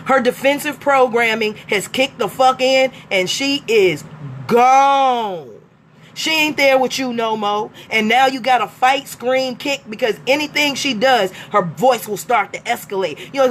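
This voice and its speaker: A woman on a live stream, delivering a blunt, profane rant that swings from emphatic talk to shouting. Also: high-pitched, lively intonation, normal speed, a little hiss or hum. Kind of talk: profane ranting monologue.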